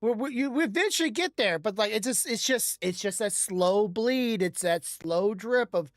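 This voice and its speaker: A woman's voice: mid-range voice, expressive, moderate pace, dry recording, clean studio sound. A woman co-hosting a podcast in casual chat, rambling as she explains with examples. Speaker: podcast co-host.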